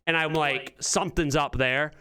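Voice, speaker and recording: A comedian guest on a talk show, telling stories in a rambling, self-interrupting way. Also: male voice, fairly high pitch, steady tone, normal speed, bright, forceful tone, clean tone. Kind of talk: casual storytelling chat.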